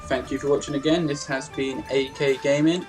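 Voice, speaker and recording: Excitable young man commentating gameplay. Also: mid-range voice, brisk. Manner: chatty and excitable, acts out reactions. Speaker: gaming video host. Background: game music.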